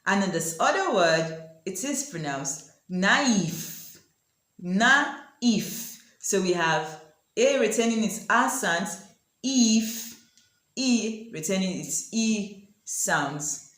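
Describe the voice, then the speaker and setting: A woman teaching a language lesson, asking the viewer questions and repeating example words slowly. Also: medium pitch, lively intonation, reverberant. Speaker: French teacher. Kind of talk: language lesson explaining pronunciation.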